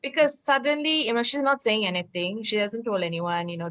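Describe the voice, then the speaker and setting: A woman's voice: fairly high pitch, fast talker, few pauses, fairly bright tone. A woman hosting an interview, affirming her guest and asking long, framing questions. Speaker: host. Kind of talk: interview conversation.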